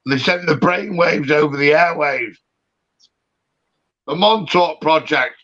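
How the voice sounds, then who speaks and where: A man talks loudly and excitably as a caller on a live stream, swearing as he goes. His voice sits fairly high and comes across bright and pushy. The audio is dull and lo-fi, like a stream call. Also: unhurried. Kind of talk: rambling casual chat.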